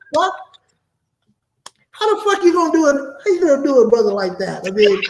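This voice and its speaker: Comic dude spinning salty stories, animated, echoey room sound. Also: male voice, very high-pitched, fairly quick, long pauses, background noise. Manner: animated profane storytelling with laughs. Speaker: guest comedian. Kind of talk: casual chat.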